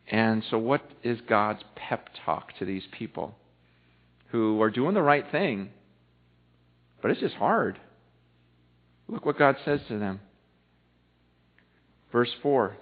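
A man preaching a sermon in a lively, conversational way, acting out the voices of the people in his story. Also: mid-range voice, slow pace, pauses often. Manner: animated, acts out voices of biblical people, casual phrasing. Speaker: pastor. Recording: tinny phone-like audio.

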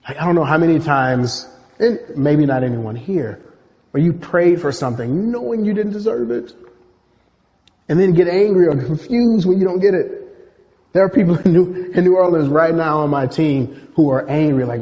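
A man's voice: on the high side, normal speed, dark tone, in a large hall. A man preaching a sermon, telling stories animatedly and acting out quoted voices. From Nigeria.

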